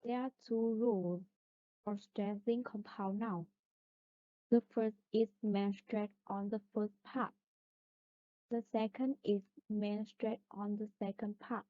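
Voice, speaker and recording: Woman, pronunciation lesson, slow careful delivery, dry thin phone-like sound. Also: medium pitch, no room sound. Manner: slow, careful listing of examples. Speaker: student presenter.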